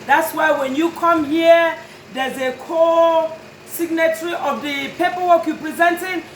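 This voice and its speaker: A woman with an extremely high pitch, steady tone, and measured pace speaks directly to the camera for her customers. She owns a notary and tag and title business, and her plea is earnest but firm. The low-quality recording has an echoey room and a little hiss or hum.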